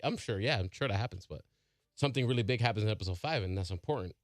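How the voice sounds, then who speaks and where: A man hosting a casual podcast chat, talking haltingly with many fillers and restarts. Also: fairly low pitch, expressive, no echo, studio quality. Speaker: podcast host.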